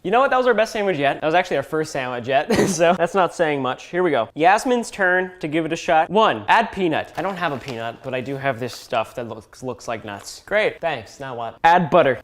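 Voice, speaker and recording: A man's voice: fairly high pitch, sing-song, brisk. A young man doing comedic vlog commentary, playful and sarcastic with exaggerated outbursts. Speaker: YouTuber.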